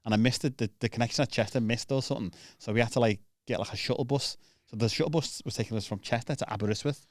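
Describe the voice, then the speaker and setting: A man's voice: medium pitch, rapid-fire, no room sound, clean studio sound. A man hosting a podcast, telling comedy stories in a casual chat and acting out other people's lines. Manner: animated storyteller, acts out other people's lines. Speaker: podcast host.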